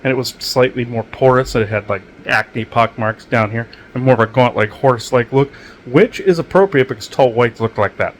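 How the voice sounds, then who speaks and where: This man runs his own channel and speaks at medium pitch, a little fast, with slight background noise. His casual monologue meanders, full of fillers and restarts, as he describes odd experiences matter-of-factly.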